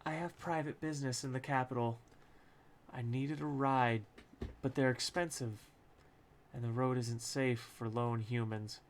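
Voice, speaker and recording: A man's voice: steady tone, a little slow, slight background noise, lightly acted. A man voicing a meek, small young woman stowaway who speaks timidly. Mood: subdued. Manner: squeaky and timid.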